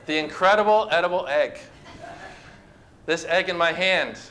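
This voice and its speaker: Male pastor, sermon, high voice, conversational, questions to congregation. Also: normal speed, pushed and bright, a little hiss or hum. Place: church with a congregation.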